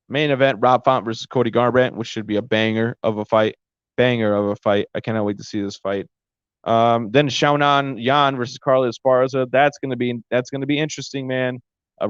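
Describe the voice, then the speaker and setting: A podcast host recaps fights in a casual, rambling monologue, tripping over names as he goes. His medium-pitched voice is clear and resonant, recorded close to the mic with a dry, lo-fi sound.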